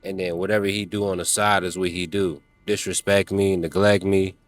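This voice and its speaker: A man's voice: deep voice, level tone, moderate pace. A man giving a motivational talk to other men, emphatic and preachy, speaking in casual slang. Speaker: self-help vlogger.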